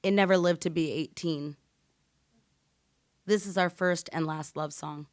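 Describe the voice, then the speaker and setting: A woman poet reading her poems aloud in a measured, deliberate way. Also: low voice, steady tone, dry recording. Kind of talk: live poetry reading.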